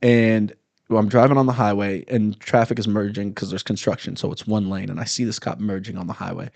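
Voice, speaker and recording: A comedian on as a guest narrates an anecdote in relaxed talk, loudly mimicking the angry cops with animated energy. His voice is lowish and creaky, his pace brisk, and the recording has no room sound.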